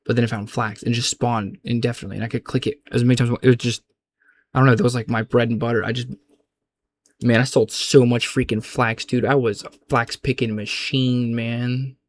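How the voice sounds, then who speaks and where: A man's voice: mid-range voice, level tone, brisk, slight background noise. A young adult man in a casual, rambling gaming chat, loose and slangy, often restarting his sentences. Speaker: gaming vlogger.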